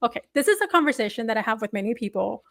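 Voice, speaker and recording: A woman's voice: fairly high pitch, very animated, rapid-fire, vocal fry, a bit bright, no room sound, studio quality. A woman hosting a sports podcast who talks expressively and emphatically in loose fragments. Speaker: podcast host. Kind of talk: casual sports talk.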